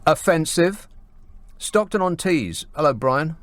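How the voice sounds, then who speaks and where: A man hosts a late-night radio phone-in. He sounds dry and sarcastic, and his pitch swings widely as he talks. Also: lively intonation, slow pace.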